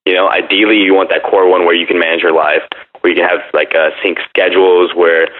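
A man's voice: sits low, flat delivery, fairly quick. A man in casual chat, telling a brash dating story and acting out text messages. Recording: phone-like narrow sound.

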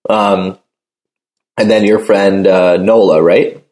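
A man's voice: low voice, steady tone, slow, darkish tone. Rambling man in a roomy space. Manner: rambling, loose, full of fillers like "you know". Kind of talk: casual chat.

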